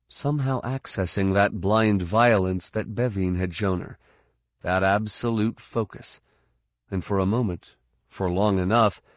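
A man narrating an audiobook in a steady, measured voice. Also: fairly low pitch, no echo, studio quality. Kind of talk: scripted narration.

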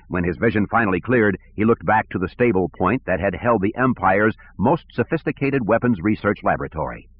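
A man narrating an audiobook in a steady, measured way, on a tinny recording. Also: fairly low pitch, husky. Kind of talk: scripted narration. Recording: tinny phone-like sound.

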